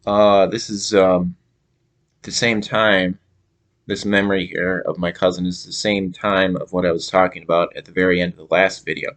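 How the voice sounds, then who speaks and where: A young man from Minnesota telling a casual story to camera, halting with many fillers and restarts. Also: deep voice, little pitch movement, a bit bright. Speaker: vlogger.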